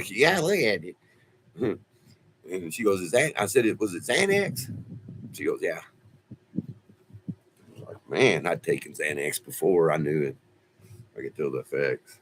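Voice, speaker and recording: Man, livestream host; low voice, lively up-and-down delivery, rambling and folksy. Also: slight background noise. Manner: rambling, folksy, laughing often. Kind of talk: casual storytelling livestream. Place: off-grid home.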